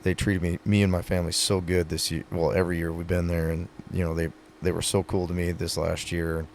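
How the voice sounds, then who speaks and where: A man's voice: sits low, level tone, a little fast, a little hiss or hum. A man, a retiring pro rodeo athlete, talking earnestly in a casual podcast conversation, telling stories with many fillers.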